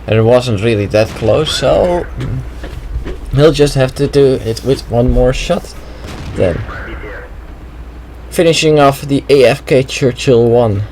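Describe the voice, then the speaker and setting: A man's voice: medium pitch, slow pace, a little mellow, slight background noise, poor audio. Casual man commenting on a game replay. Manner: casual, chatty, thinking aloud with many "well"s. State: slight throat trouble. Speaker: gameplay commentator.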